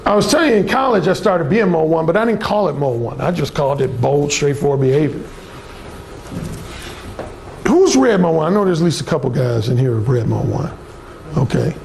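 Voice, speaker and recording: A man's voice: on the high side, lively intonation, fairly quick, gravelly, a little mellow, slight background noise. A man giving a live talk to a small audience, telling stories bluntly and with profanity, and acting out other people's lines. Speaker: dating coach giving a talk. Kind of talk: live seminar storytelling to a room.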